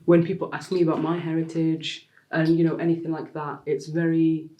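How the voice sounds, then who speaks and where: A woman talks as an interview guest in a loose, conversational way. She leans on fillers constantly and slips into animated impressions of the people she quotes. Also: deep voice, fairly quick. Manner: chatty, heavy use of "like" fillers; animated storyteller, acts out quotes.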